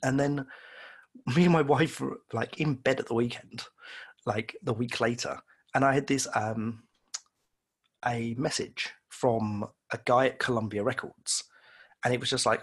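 A man's voice: medium pitch, fairly even intonation, a little slow, breathy edge. A man, a guest on an interview, telling casual, rambling, self-deprecating stories and acting out the voices of people he quotes. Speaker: illustrator guest. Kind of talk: casual storytelling in conversation.

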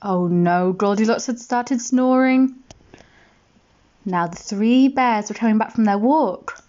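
A woman reading a bedtime story aloud, gentle and expressive, asking the listener questions. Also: on the high side, slow pace, muffled recording.

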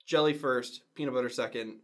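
A man's voice: medium pitch, brisk. A man co-hosting a podcast in casual chat, telling stories and teasing his friend. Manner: animated storyteller, teasing. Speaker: podcast co-host.

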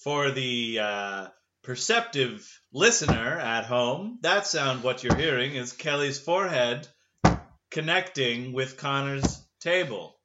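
A man's voice: mid-range voice, animated, takes it slowly, muffled recording, background noise. A man co-hosting a podcast in casual chat, with wry, rambling jokes. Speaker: podcast co-host.

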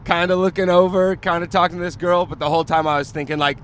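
A comedian co-host on a road-trip podcast, laid back, chiming in with short quips and laughter. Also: male voice, high voice, steady tone, fast talker, a bit bright, slight background noise. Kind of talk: casual road-trip banter.

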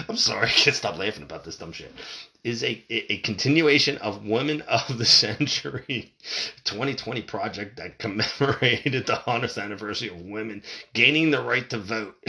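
Middle-aged male podcast host, bright edgy voice, swears freely, keeps breaking into laughter. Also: medium pitch. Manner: laughs often, profane, restarts sentences. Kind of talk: casual podcast rant.

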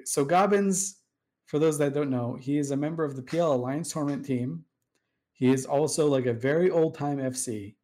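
A man's voice: on the high side, normal speed, dark tone. A man telling a long story in casual chat, rambling with fillers and swearing, acting out the people he quotes. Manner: rambling, profane, acts out quoted dialogue with fillers. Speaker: storyteller guest recounting game history.

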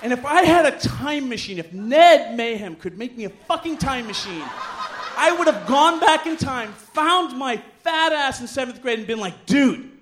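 A middle-aged man performs a racy tale live at a bar, full of energy and self-deprecating humor, switching to loud, squeaky voices to act out what others said. He speaks at a moderate pace over a faint hiss or hum.

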